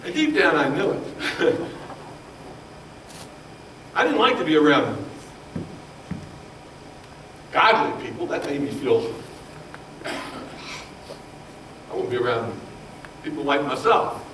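Impassioned preacher in an echoey hall. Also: male voice, a little high, very animated, slow, long pauses, slight background noise. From Baltimore, Maryland. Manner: impassioned, swings from loud to hushed. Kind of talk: sermon. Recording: roomy echo, voice from far off.

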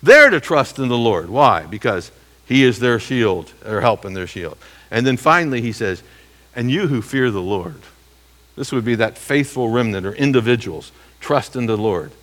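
A man's voice: medium pitch, animated, moderate pace, a bit bright. A man preaching an expository sermon, reading verses aloud and asking the listeners rhetorical questions. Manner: emphatic, rhetorical questions, reads scripture aloud.

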